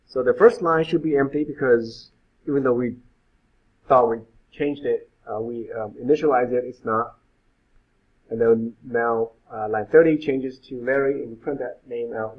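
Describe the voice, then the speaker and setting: A man's voice: mid-range voice, steady tone, normal speed. A male web instructor giving an informal live coding lecture, thinking aloud with frequent fillers. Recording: phone-like lo-fi sound.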